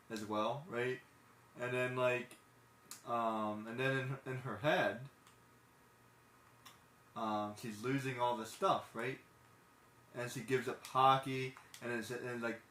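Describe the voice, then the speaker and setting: A man's voice: medium pitch, fairly bright tone, a little hiss or hum. Rambling, earnest man in an echoey room. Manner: rambling and earnest, gushing about a movie. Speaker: streamer. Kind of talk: casual chat while playing a game live. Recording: roomy echo with faint background ambience.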